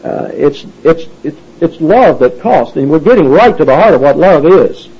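Animated man teaching scripture, lo-fi. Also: slightly rough. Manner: deliberate, stresses single words with rising pitch, spells words out. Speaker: Bible teacher. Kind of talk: verse-by-verse Bible teaching. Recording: dull lo-fi recording.

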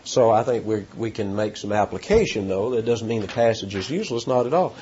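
Animated preacher man, dull lo-fi recording. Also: slight background noise. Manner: animated, pitch jumping up on emphasis, halting restarts. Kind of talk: sermon. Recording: dull lo-fi sound.

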